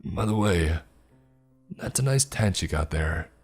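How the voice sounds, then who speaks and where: Man voicing a sinister ageless stranger, low monotone, slow and teasing, faint music behind. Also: breathy edge, exaggerated voice. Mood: calm, menacing.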